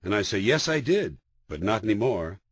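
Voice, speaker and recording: A man from the United States doing a stand-up comedy routine, sardonic and profane, with sharp comic timing. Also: fairly low pitch, sing-song, normal speed, husky, no room sound.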